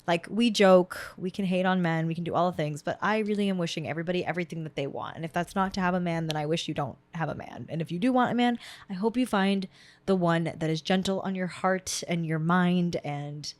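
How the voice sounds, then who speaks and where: A woman hosting a podcast, chatting casually and telling stories with swearing and lively bursts. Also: fairly low pitch, a little fast, no echo. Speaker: podcast host. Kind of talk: casual chat.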